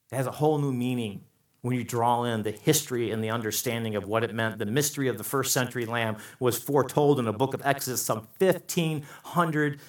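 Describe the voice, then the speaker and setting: A man pastor delivering a sermon with emphatic, fervent preaching that climbs to passionate peaks. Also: fairly low pitch. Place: church sanctuary. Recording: roomy church sound from a distance, faint music.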